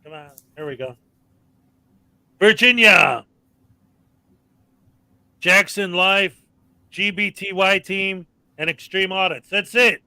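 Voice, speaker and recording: A man's voice: high-pitched, takes it slowly, long pauses, bright, forceful tone, no echo, poor audio. A man co-hosting a casual live-stream chat, ranting and reeling off long lists of names.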